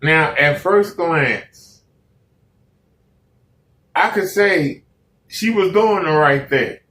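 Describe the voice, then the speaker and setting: A man hosting a reaction video, commenting in an exasperated, animated way and repeating himself. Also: on the high side, drawn-out words, echoey room, recorded from a distance. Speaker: reaction host.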